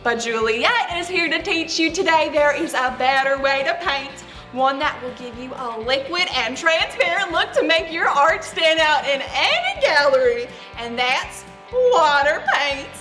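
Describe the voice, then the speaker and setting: A woman playing a bubbly young art teacher who explains painting in a slow, sing-song way. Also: high-pitched, lively intonation. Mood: cheerful. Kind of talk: amateur stage skit. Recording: echoey room with faint music.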